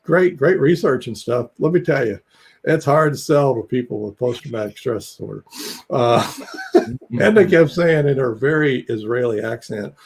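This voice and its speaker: A man's voice: medium pitch, expressive, normal speed, gravelly, darkish tone, slightly rough. An older man telling stories on a video call, rambling along with fillers and chuckles. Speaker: psychologist guest. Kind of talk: casual video call talk.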